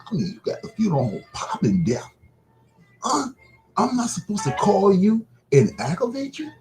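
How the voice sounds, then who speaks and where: A man's voice: vocal fry, dark tone, rough recording. A man voicing Death as a defeated male figure who whines and begs to be left alone. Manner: high whining, pleading.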